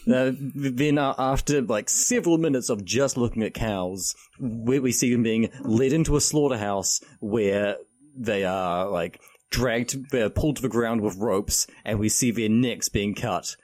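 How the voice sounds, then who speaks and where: A man co-hosting a comedic film podcast, explaining films in a halting way with repeated words and dropping dry quips. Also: mid-range voice, a little mellow, dry recording. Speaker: podcast co-host.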